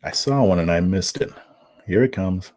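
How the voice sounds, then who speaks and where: A political livestream host with a low, darkish voice reads viewer comments at a moderate pace. His manner is relaxed and chuckly, and he frequently stumbles and repeats himself.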